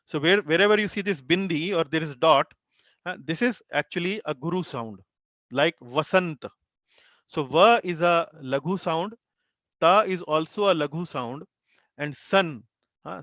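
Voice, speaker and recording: A man, a Hindi speaker, teaching an online class, explaining slowly with many fillers and repeated syllables. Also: on the high side, a bit bright, no room sound, highs cut off. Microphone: video call.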